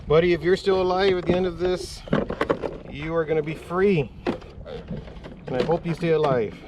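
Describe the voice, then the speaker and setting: A man vlogging while fishing from a kayak, talking excitedly to viewers and swearing often. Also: fairly high pitch, normal speed, noisy background. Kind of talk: casual vlog narration. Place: on a kayak outdoors on the water.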